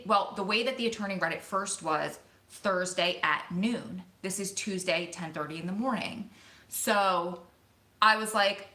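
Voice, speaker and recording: A woman vlogger telling a story to her viewers in an excited, emotional, rushing way. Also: mid-range voice. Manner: excited, emotional, talks fast in bursts. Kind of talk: casual storytelling to camera. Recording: echoey room.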